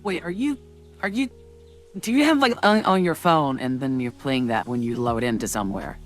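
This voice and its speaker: A man's voice: medium pitch, normal speed, soft background music. A young man chatting casually on a gaming stream, rambling with lots of fillers and laughing often.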